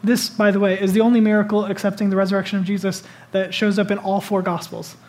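A pastor preaching a sermon in an animated, conversational way, putting questions to the congregation. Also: mid-range voice, quick pace.

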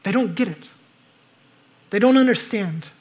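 A man preaching a sermon, moving between loud urgent exhortation and hushed, reflective passages. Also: high-pitched, unhurried. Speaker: pastor.

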